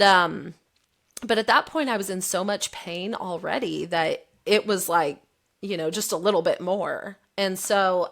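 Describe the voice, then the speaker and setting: A woman in her thirties, a podcast guest, candidly telling a personal story and acting out the quoted lines. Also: medium pitch. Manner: candid, animated retelling, voicing the quotes.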